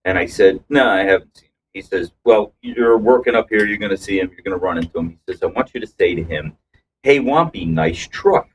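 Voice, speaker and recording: A man's voice: low-pitched, fairly even intonation, fast, few pauses, far from the mic, slight background noise, poor audio. A man co-hosting a casual podcast, telling long rambling anecdotes with restarts and acted-out quotes. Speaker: podcast co-host. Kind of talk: casual storytelling chat.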